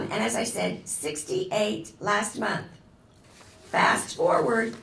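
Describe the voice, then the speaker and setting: A woman guest lecturer giving a lively, chatty classroom talk, turning to the audience often. Her mid-pitched voice has a gravelly edge. She is recorded from a distance in a roomy, echoing hall, with a faint hum of ambience behind her. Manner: enthusiastic, digressive, addresses audience directly. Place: lecture room. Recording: echoey room recording from a distance.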